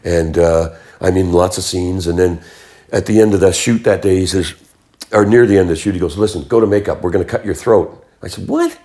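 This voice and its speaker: An older Canadian man, a musician and actor, speaks in a low voice at a brisk pace. As an interview guest telling casual stories, he animatedly acts out the voices of people he quotes.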